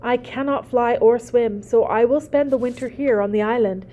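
A woman doing a calm, gentle robot mother. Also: on the high side, natural voice. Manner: plain, polite, measured speech.

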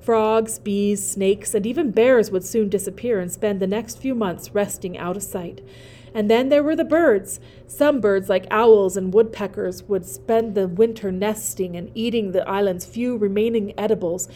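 A woman reading a children's novel aloud, narrating in a gentle, expressive way. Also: medium pitch, moderate pace.

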